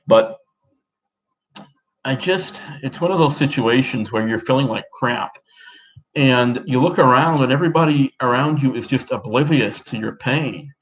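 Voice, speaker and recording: A man in his thirties from Australia, talking in a put-on American accent in a halting, rambling personal monologue full of restarts and fillers. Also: mid-range voice, lo-fi sound, a little hiss or hum. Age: 30s. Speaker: vlogger. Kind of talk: personal talk to camera.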